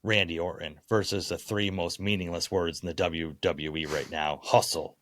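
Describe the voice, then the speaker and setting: A man's voice: sits low, fairly even intonation, moderate pace, a bit bright, slight background noise. A man co-hosting a casual wrestling podcast, playfully building up his predictions like a ring announcer. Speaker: podcast co-host.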